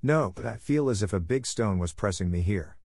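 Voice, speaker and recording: A man voicing a timid, homesick little girl who speaks softly. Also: fairly low pitch, lively intonation, fairly quick, breathy edge, no echo. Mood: wistful. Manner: soft, timid.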